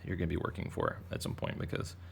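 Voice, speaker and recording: A man's voice: fast, a little hiss or hum. A man teaching a drawing lesson for kids, talking in a playful, rambling, jokey way as he draws. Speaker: art teacher.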